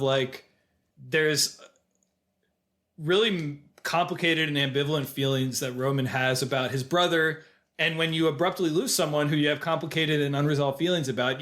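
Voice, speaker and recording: Male podcast co-host, slightly high voice, animated retelling with quoted lines. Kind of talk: casual film discussion.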